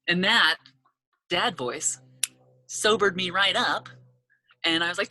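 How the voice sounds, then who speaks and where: A woman telling a funny story in a casual chat, animated and loud when she acts out quotes, swearing freely. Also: fairly low pitch, measured pace, pauses often. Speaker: podcast guest, cannabis entrepreneur.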